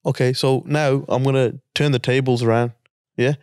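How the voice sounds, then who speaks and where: A man hosting a podcast, asking his guest questions in a relaxed, joking way. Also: mid-range voice, normal speed, smooth, no echo, clean studio sound. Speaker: podcast host, boxing coach. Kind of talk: interview questions.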